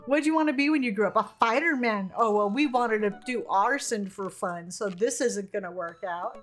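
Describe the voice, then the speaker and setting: A woman streamer chats through a game, laughing often and reading viewers' messages aloud. Her voice is fairly high, with faint game music underneath. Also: lively intonation, unhurried, fairly bright tone. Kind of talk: casual gameplay commentary.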